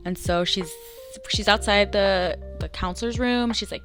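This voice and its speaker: Young woman vlogger, lower pitch, casual animated story recap, soft music bed. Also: moderate pace. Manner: chatty, animated, acts out dialogue in bursts. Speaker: vlogger reading fanfiction aloud.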